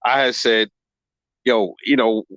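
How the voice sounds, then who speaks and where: A man's voice: mid-range voice, fairly even intonation, fairly bright tone, no echo, highs cut off. Profane, rambling man hosting a boxing stream. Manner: profane, rambling, quick to laugh; calls viewers bro and man. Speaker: boxing channel host. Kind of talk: casual livestream chat reading comments.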